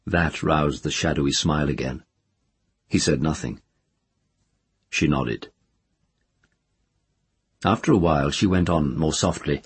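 A man narrating a novel in a measured, expressive reading. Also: rumbling low, slightly rough, no room sound. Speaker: audiobook narrator. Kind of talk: scripted narration.

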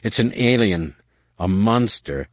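A man voicing an anguished young male Jedi who rasps and pants through clenched teeth. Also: lowish voice, lively intonation, slow, dry recording, studio quality. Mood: furious, anguished.

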